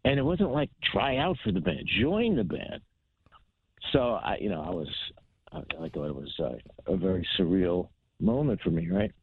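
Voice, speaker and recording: A man's voice: deep voice, moderate pace, gravelly, a little hiss or hum. A man from New Jersey telling stories in an interview as a guest guitarist, acting out the voices of the people in them. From New Jersey, United States. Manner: animated anecdote teller, acts out voices of others. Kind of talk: storytelling interview. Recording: tinny phone-line sound.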